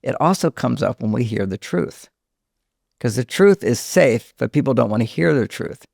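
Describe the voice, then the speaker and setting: Older male counselor guest, gravelly voice, dry close mic, long explanations. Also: mid-range voice, animated, moderate pace, dry recording. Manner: explains at length, drops to a hushed voice when quoting a scared child. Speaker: relationship counselor and author, guest. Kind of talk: conversational podcast interview.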